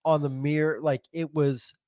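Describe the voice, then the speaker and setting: A man's voice: fairly high pitch, level tone, normal speed, a little mellow. A man co-hosting a casual podcast, telling stories in a laid-back, filler-heavy way with casual swearing. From Southern California. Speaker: podcast co-host. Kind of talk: casual chat.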